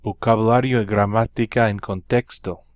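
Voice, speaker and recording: In a studio-quality recording without echo, a man walks through a Spanish lesson with many ums and uhs, carefully enunciating example words in an unhurried manner. His fairly low voice has fairly even intonation and a slightly fast pace.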